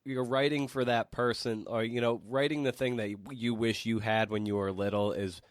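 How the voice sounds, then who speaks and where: A man hosting a podcast in a casual chat, sounding tired and laid-back in a hushed morning voice. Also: medium pitch, steady tone, normal speed, no room sound, clean studio sound. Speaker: podcast host. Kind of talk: casual interview chat and outro. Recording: music bed behind the voice. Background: guitar music.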